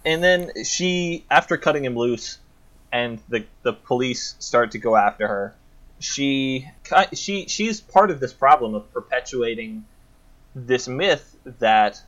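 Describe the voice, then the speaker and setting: A man's voice: mid-range voice, animated, slow, a bit bright. A man co-hosting a casual chat, thoughtfully retelling a film plot at length.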